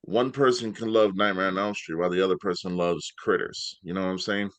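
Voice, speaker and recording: A man's voice: sits low, fairly quick, no echo. A man hosting a casual interview show, chatting easily with lots of "you know". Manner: relaxed, uses filler like "you know". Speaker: podcast host.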